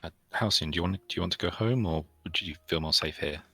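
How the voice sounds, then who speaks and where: A man playing a tabletop game, speaking hesitantly and politely in character with many pauses. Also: deep voice, sharp tone, breathy edge, no room sound. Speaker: player.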